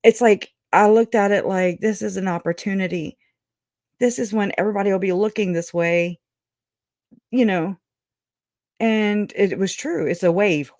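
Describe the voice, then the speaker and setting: A woman's voice: medium pitch, darkish tone, no room sound, clean studio sound. A woman hosting a true crime livestream, rambling, laughing often and teary as she chats. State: crying. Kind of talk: emotional livestream chat.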